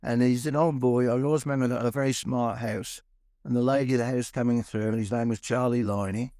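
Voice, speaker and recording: A man's voice: medium pitch, fairly even intonation, brisk, mellow, no echo, clean studio sound. Older Suffolk man spinning yarns. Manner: chuckling, rambling anecdote teller. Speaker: guest storyteller. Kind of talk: anecdotal interview chat.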